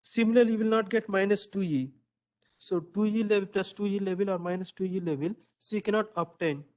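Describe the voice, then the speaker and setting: A man lecturing to a class in a fairly high voice. He keeps quizzing his students, echoing their answers back and tagging "right?" onto his points. His talk is loose and full of "so". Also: brisk, darkish tone.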